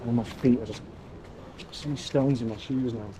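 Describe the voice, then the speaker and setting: A man's voice: medium pitch, steady tone, normal speed, noisy background. A man with a Warrington accent, chatting casually while walking along a beach, telling stories in a self-mocking way. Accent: northern English, Warrington. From England. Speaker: travel vlogger. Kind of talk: casual walking vlog chat. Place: outdoors on a beach.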